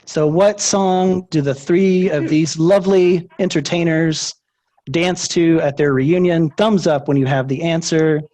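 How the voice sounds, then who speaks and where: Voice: medium pitch, a little slow, warm tone. Upbeat trivia game show host. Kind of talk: hosting a movie trivia game over video call.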